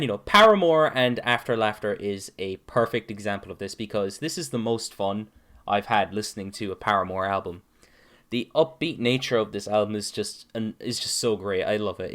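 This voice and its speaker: A man's voice: lowish voice, a bit bright. A young man co-hosting a casual podcast chat, laughing easily and admitting he stutters a lot. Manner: laughing, self-aware about stuttering. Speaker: podcast co-host.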